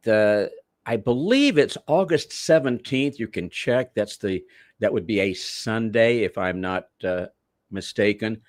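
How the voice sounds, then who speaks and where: A man's voice: lowish voice, no echo, clean studio sound. An older man, a veteran wrestler, telling rambling stories in a theatrical, old-school way as a podcast guest. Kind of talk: storytelling in a podcast interview.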